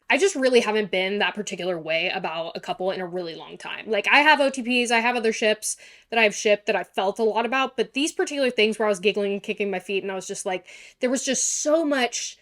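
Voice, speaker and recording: A woman giving a casual reaction commentary on a show, gushing and excitable, swearing freely. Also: mid-range voice, fast talker. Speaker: YouTuber.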